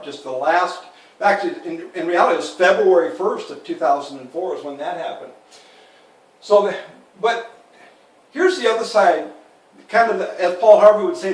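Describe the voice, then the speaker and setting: Man, 50s, trainer, earnest, candid, speaks a bit high, roomy echo. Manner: earnest and candid, calls listeners "guys". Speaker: network marketing trainer. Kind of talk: recorded training talk. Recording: echoey room, mic at a distance.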